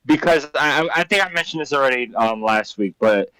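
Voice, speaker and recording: A man's voice: medium pitch, animated, brisk, pushed and bright, clear, resonant tone, dry recording, low-quality recording. A young man co-hosting a podcast, chatting casually and stumbling over restarts when eager. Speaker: podcast co-host. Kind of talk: casual chat.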